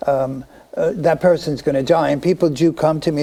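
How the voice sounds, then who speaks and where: A man appearing as a psychic guest on a studio talk show, speaking in a halting way with many ums and restarts. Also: on the high side, steady tone, creaky, mellow, rough recording. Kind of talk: interview conversation.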